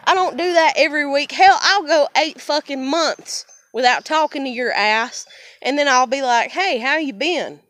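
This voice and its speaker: A young American woman vlogs straight to camera in a fiery, emotional personal rant, blunt and swearing heavily. Her voice sits high and a bit bright, at normal speed, with no echo.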